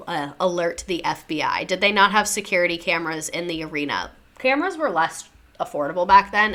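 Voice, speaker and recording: A young woman with a bright, forward voice tells a true-crime story in a casual, slangy way. She moves between reading out facts and chatting with her viewers. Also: medium pitch. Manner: chatty, slangy, reacting to chat.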